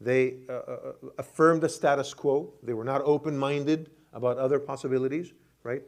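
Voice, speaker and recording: Imam giving a lively tafsir class. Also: male voice, mid-range voice, moderate pace. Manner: questions the class, repeats words, many restarts. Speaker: imam teaching Quran commentary. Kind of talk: classroom lecture with questions to the audience.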